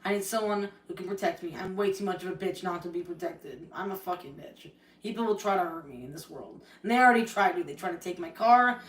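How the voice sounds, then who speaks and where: A woman's voice: lowish voice, fast, distant mic, slight background noise. A young adult woman on a live stream, ranting in a heated, profane and rambling way. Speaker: livestreamer. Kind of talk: angry live-stream rant. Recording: roomy echo, voice off-mic.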